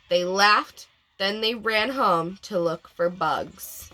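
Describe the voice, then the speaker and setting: A woman, a preschool teacher, reading a storybook aloud to children in an expressive way and asking them questions. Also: mid-range voice, slow pace.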